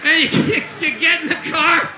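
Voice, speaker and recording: A man doing a stand-up comedy rant, profane and exasperated, bursting into shouts. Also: extremely high pitch, little pitch movement, moderate pace, roomy sound, background noise.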